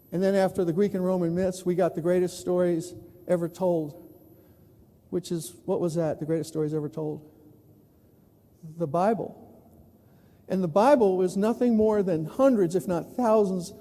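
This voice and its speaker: A man from New York tells stories on a conference stage and acts out the voices of the people he quotes. His voice sits high but sounds deep and mellow in tone. The sound has the long reverb of a large hall. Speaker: plenary speaker. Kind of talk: conference keynote storytelling.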